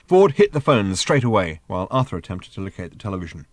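A man's voice: low-pitched, sing-song, fast, no echo. Man narrating an audiobook, dry sound. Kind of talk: scripted narration.

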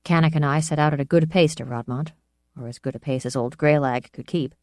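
A woman with a low-pitched voice narrates an audiobook in a steady, measured storytelling manner. The recording is dry and clean, with studio sound.

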